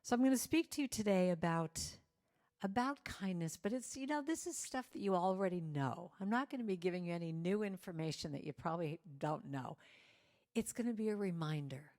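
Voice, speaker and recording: Middle-aged woman speaker, fairly low voice, playful inspirational sermon delivery. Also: animated, a little fast. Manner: warm, playful, inviting the audience to join in. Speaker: guest speaker.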